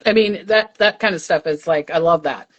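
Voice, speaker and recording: A woman's voice: lowish voice, moderate pace, dull audio. An older woman, a psychic medium, chatting casually on a livestream and telling a story, acting out the voices she heard.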